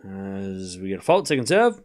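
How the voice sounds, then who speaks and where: A man's voice: sits low, big pitch swings, darkish tone. A man hosting a live tennis watchalong, calling the score and chatting casually with his viewers. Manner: chatty, talks straight to his live chat, with quick asides and restarts.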